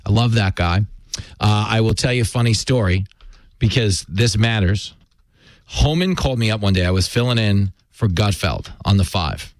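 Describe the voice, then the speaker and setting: A man's voice: on the low side, normal speed, dry recording. Joking, self-deprecating male radio host. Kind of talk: casual talk radio chat.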